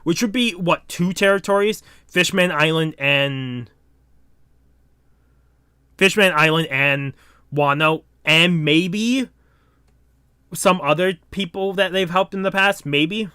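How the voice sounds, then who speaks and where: A young man reading a comic aloud and reacting excitedly, swearing casually as he goes. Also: high-pitched, takes it slowly, long pauses, clear, resonant tone, no room sound, studio quality. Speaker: manga reaction host.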